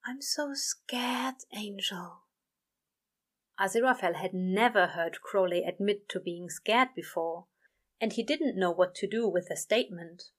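A woman reading a story aloud, narrating in a gentle, even way. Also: on the low side, moderate pace. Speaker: reader. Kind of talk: reading fan fiction aloud.

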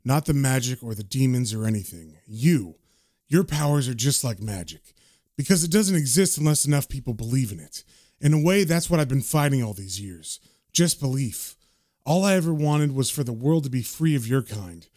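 A man voicing a dying, cynical male occult con man in a low, subdued, world-weary tone. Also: animated, moderate pace, a little mellow, no room sound, studio quality, lightly acted. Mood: bitter.

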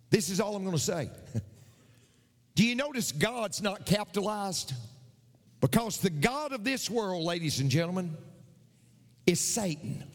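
A man's voice: high-pitched, big-room sound. A male pastor preaching a sermon, repeating his points with emphasis.

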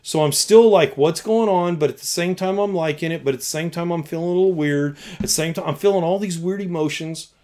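Animated man telling a youth pastor story. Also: on the high side, quick pace, hardly any pauses. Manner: animated, acts out his own past lines, moves from loud to hushed. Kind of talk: testimony storytelling in a conversation.

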